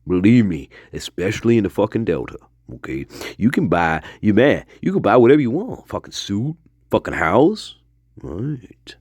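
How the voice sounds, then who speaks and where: A man playing a rambling, profane old Delta storyteller with a husky, gravelly voice, drifting off into digressions. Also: fairly low pitch, big pitch swings, moderate pace, no echo, clean studio sound. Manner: rambling, profane, digressive, jumps between hushed mutters and loud outbursts. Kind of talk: improvised comedic monologue.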